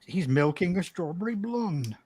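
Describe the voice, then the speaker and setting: A man's voice: high voice, expressive, normal speed, crowd noise. Man making dry jokey asides. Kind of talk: casual chat among friends.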